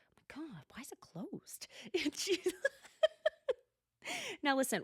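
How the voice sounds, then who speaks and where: A young adult woman hosting a solo TV recap podcast, gossipy and animated, swearing freely and laughing often. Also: medium pitch, no room sound, studio quality. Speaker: podcast host. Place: lives at altitude, records at home.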